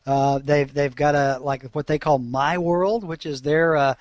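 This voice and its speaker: A man from Alabama, co-hosting a casual podcast, chatty and quick to laugh. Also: on the high side, fairly even intonation, no echo, lo-fi sound. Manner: chatty, laughs often, frequent restarts. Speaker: podcast co-host.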